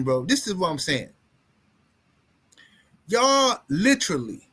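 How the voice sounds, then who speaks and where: High-voiced man ranting about boxing. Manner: animated, trash-talking, mocking. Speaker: boxing commentary streamer. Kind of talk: casual live-stream rant.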